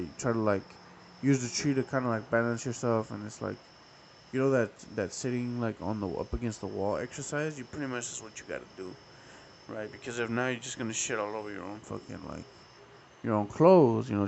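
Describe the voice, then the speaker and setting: A young man hosting a podcast, telling a story in a profane, rambling, animated way. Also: on the low side, a little fast, creaky, a little hiss or hum, poor audio. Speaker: podcast host. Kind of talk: casual storytelling.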